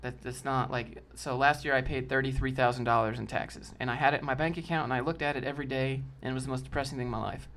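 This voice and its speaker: A man's voice: medium pitch, steady tone, fast, few pauses, a bit bright, slight background noise. A man hosting a casual livestream, answering chat in a loose, slangy way and calling people dude and bro.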